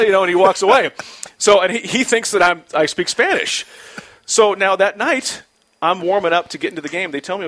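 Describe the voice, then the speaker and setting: A man in his forties, a former pitcher, telling a story in a casual, animated way with many restarts. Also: a little fast.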